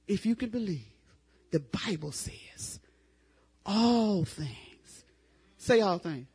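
An older woman preaching a revival sermon in a folksy, testifying way that rises to loud, fervent exclamations. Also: medium pitch, expressive, takes it slowly, husky.

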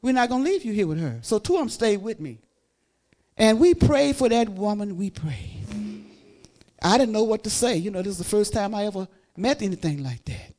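A woman's voice: medium pitch, animated, moderate pace. Fervent woman preacher. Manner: fervent, loud exclamations and praise interjections; drops to quiet, intimate storytelling. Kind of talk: sermon.

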